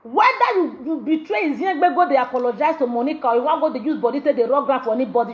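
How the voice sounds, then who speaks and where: A woman's voice: sits high, animated, fast, few pauses, lo-fi sound. A woman with a Nigerian Pidgin accent hosting a gossip show, talking in a brash, mocking way and switching languages. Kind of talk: animated gossip commentary.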